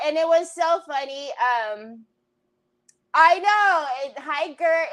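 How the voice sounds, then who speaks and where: High-voiced woman hosting a craft livestream. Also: rough recording. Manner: chatty, greets viewers by name between stories; loud bursts of laughter and exclamation. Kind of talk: casual chat to live viewers. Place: home.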